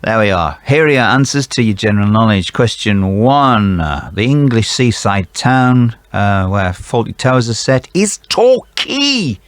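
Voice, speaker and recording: A man's voice: lowish voice, moderate pace, hardly any pauses, no echo. A man hosting a quiz and reading out the answers in a jokey, chatty way, with playful asides. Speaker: quiz host for a care provider.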